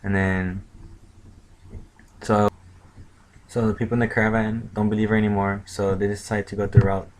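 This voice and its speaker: Sex: male. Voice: lowish and flat. Role: manga reviewer. Style: casual, filler-heavy chapter recap. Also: moderate pace, pauses often, slight background noise, rough recording. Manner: rambling, filler-heavy retelling with many "like"s.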